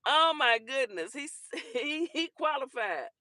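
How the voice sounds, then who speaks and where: Woman host on a livestream, bright voice, teasing the chat, dry close sound. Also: high voice, unhurried, no room sound. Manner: teasing, animated, laughs often. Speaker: talk show host. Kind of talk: casual livestream chat, answering commenters.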